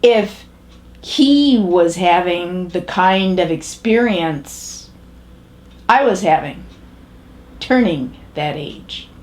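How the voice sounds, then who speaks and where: An actress performing a monologue as a pragmatic, matter-of-fact middle-aged woman, speaking in a measured, halting way with pauses and restarts. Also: on the low side, animated. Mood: reflective. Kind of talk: character monologue.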